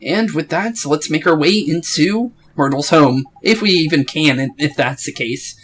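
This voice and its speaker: A man giving relaxed commentary over a game playthrough. He rambles and jokes, with a lot of filler words. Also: fairly high pitch, measured pace, hardly any pauses, a little hiss or hum. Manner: rambling, joking, many fillers. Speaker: let's play host.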